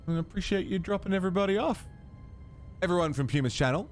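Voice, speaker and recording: A man's voice: fairly high pitch, sing-song, brisk, long pauses, faint music behind. A young Australian man chatting casually on a game livestream, swearing freely and reading game lines aloud. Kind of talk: casual gaming stream chat.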